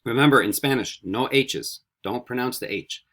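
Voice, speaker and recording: A man teaching a Spanish vocabulary lesson, repeating each word slowly and coaxing students with friendly questions. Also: mid-range voice, pushed and bright. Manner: slow, carefully repeated word drills. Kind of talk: recorded classroom vocabulary lesson.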